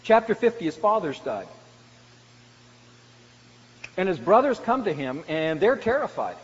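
A male pastor with a notably high voice delivers a sermon, pressing hard on key words and then dropping to a hush. The sound is dull and lo-fi, carried by the long reverb of a church sanctuary. A faint hiss sits underneath. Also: sing-song, brisk. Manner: preaching with swings from loud emphasis to hushed lows.

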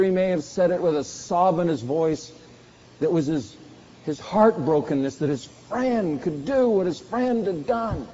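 A man's voice: high-pitched, normal speed, mellow. A man preaching a sermon, with dramatic bursts when he acts out quoted lines. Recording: dull sound with long hall reverb.

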